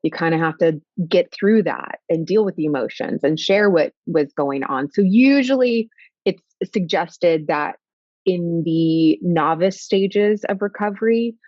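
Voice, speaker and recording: A low-pitched woman therapist in her forties talks things through in an animated, thoughtful way. Her voice is dry and close, and the audio sounds slightly dull and lo-fi. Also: a little slow, no echo. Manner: thoughtful, animated, with fillers and laughs. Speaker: therapist guest. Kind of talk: conversational expert explanation.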